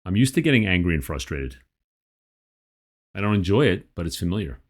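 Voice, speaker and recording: Man, lowish voice, very animated pitch, guided tapping session, repeat-after-me phrasing. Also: a little fast. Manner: repeats phrases for the listener to echo, swings from calm to heated. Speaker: tapping practitioner.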